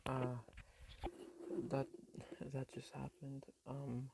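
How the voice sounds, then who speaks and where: Gravelly-voiced man rambling through a story. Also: medium pitch, completely flat delivery, extremely slow, a little mellow, rough recording. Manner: rambling, full of ums and likes, mumbles some quotes. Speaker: fan storyteller. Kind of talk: casual spoken fan-fiction retelling. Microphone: phone.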